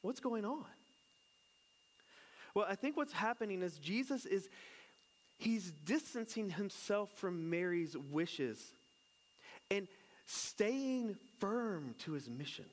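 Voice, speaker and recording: A man's voice: sits high, lively intonation, takes it slowly, long pauses. A man, a pastor who is married and has children, giving a casual, conversational sermon. He jokes and keeps asking his listeners questions. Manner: chatty and joking, asks the congregation questions.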